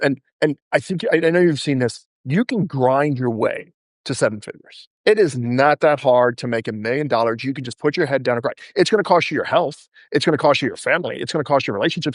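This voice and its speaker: A man's voice: mid-range voice, dry recording, studio quality. A man hosting a podcast, blunt and joking as he talks through ideas with his guest. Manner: blunt, joking, fast-talking. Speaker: podcast host. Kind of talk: conversational interview.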